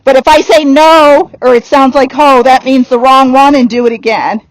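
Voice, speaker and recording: A woman's voice: sits high, steady tone, normal speed, no room sound, low-quality recording. A woman horse trainer giving a riding lesson outdoors, coaching directly and laughing now and then.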